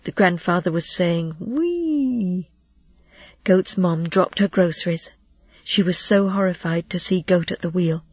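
A husky, slightly breathy narrator reads a children's novel aloud with steady storytelling and light character touches. The sound is close and dry, on a dull lo-fi recording. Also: mid-range voice, moderate pace, no echo. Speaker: audiobook narrator.

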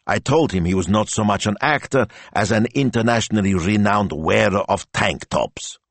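A man's voice: on the low side, normal speed, creaky, no room sound, pitched above the performer's own voice. A man voicing an eager, blunt young male assistant in an audiobook, speaking in a raised, urgent way. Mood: excited.

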